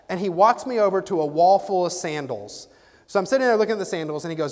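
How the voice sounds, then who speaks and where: Man, high voice, animated keynote storyteller, reverberant hall. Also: fast talker. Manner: animated, acts out dialogue. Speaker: keynote speaker and sales trainer.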